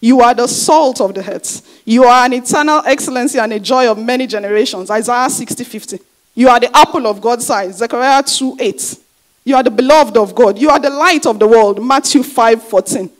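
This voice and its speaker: A woman pastor delivers a sermon in a fairly high voice. She drives her points home by repeating phrases and asking rhetorical questions, then answering them herself. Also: a little fast.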